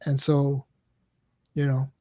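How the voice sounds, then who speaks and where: A man speaks in a heated, hurt rant, swearing often and tripping over repeated words. His voice sits at an ordinary pitch, and the sound is dry and close with no room echo. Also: monotone, slow pace, mellow. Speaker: streamer guest. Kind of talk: emotional casual talk on a livestream.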